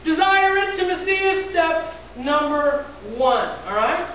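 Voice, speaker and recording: A woman's voice: very high voice, expressive, unhurried, a bit bright, slight background noise. A woman pastor giving a conversational sermon, often repeating words and asking the congregation questions. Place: large echoey church hall. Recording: very echoey church hall from far off.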